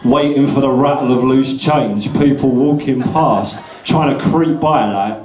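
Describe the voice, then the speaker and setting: A man's voice: unhurried, a little mellow, reverberant, muffled recording. A slightly drunk man doing rambling, sweary stand-up at an open mic night in a pub. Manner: rambling, sweary, puts on shrill voices. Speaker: stand-up comedian. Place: pub function room.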